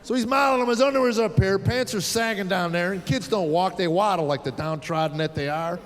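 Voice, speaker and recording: On a theater stage with a live audience, a middle-aged comedian from the United States tells sardonic, fed-up tales about parenting. He talks fairly quickly in a high-pitched voice, and the live recording has hall reverb, a faint crowd, and slight background noise.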